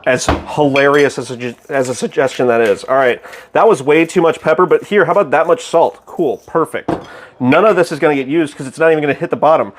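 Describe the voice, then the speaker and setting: A young man casually chatting with his stream chat while cooking, excitable, goofy and loud. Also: fairly high pitch, a little fast, noisy background.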